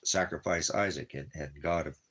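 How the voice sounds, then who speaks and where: Deep husky guy rambling at home, baby-talks his dog over and over then gets preachy. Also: moderate pace, fairly bright tone. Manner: preachy about religion. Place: at home in the desert.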